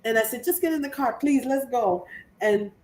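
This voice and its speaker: Animated woman in an echoey room. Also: fairly high pitch, moderate pace, recorded from a distance. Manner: animated storyteller, laughs often. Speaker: co-host of a crafting live show. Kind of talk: casual chat.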